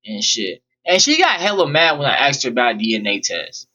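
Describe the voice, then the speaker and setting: A man's voice: medium pitch, sing-song, moderate pace, hardly any pauses, bright, forceful tone, muffled recording. A young man rambling bluntly and profanely through a personal storytime vlog. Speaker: vlogger. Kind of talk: casual storytime monologue.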